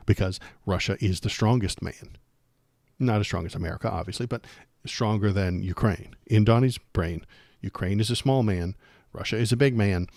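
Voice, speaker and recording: A man's voice: fairly low pitch, darkish tone, no room sound, clean studio sound. A man hosting a political livestream, talking casually with a sarcastic, rambling, jokey manner.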